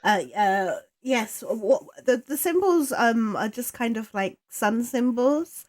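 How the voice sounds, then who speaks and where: A woman running a tabletop game as game master, halting and searching for words. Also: a little high, animated.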